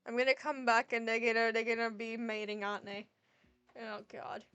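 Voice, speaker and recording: A woman streamer reading a dating game aloud and reacting with animated, exasperated asides. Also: a little high, moderate pace, clean tone, lo-fi sound.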